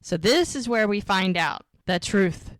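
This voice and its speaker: A woman's voice: medium pitch, lively intonation, measured pace, no echo, clean studio sound. A woman hosting a rewatch podcast, casually recapping a TV episode scene by scene with lots of "like" and "she goes.". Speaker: podcast co-host.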